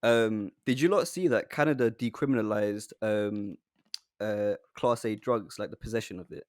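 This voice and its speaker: Laid-back slangy podcast co-host. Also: male voice, lowish voice, moderate pace, a little mellow, dry recording, clean studio sound. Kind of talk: casual chat.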